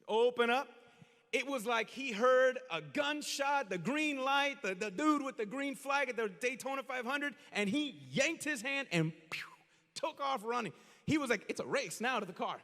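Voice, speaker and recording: A high-pitched man preaches a sermon, shifting from hushed, low asides to raised, excited storytelling. He talks straight to his congregation in casual, everyday words. His voice rings out with a long hall reverb behind it. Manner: animated storytelling, acts out shouts and quotes. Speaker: pastor.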